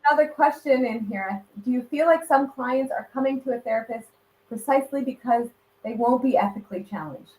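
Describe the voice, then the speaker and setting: A female interview host with a slightly raised pitch puts questions to her guest in a friendly way. She hesitates a little between thoughts. Her voice carries a roomy echo. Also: a little fast, darkish tone. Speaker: magazine editor, interview host. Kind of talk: hosting a live interview.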